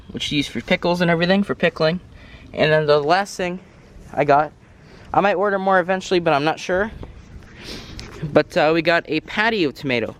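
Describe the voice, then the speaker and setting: A man's voice: a little high, fairly bright tone. A man giving a casual, rambling tour of his garden plants outdoors, a bit out of breath, often correcting himself. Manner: rambling, self-correcting, apologetic asides. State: slightly out of breath. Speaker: gardening vlogger. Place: outdoors in a garden, cars passing.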